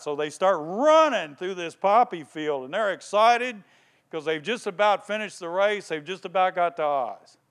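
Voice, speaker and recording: The voice is smooth and sits high as this pastor preaches. He's a lively storyteller, retelling a tale and questioning the congregation along the way.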